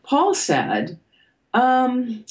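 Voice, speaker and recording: An older woman, an author and podcast guest, talking reflectively and pausing with fillers as she thinks. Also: fairly high pitch, huge pitch swings, low-quality recording. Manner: thoughtful, hesitant, with fillers and soft laughs. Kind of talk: reflective conversation.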